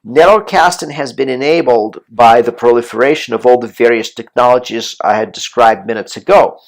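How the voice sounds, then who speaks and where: A man giving a recorded college lecture on politics and the media, speaking in a measured way with frequent "uh" fillers and restarts. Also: mid-range voice.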